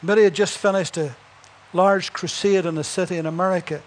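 A man's voice: high voice, steady tone, a little fast. A man preaching a sermon, telling Bible stories and building to emphatic punchlines, with chuckles between points.

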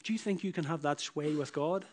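Emphatic preacher, fairly high voice. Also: male voice, fairly quick, slight background noise. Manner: emphatic, repetitive preaching with rising bursts. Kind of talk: sermon.

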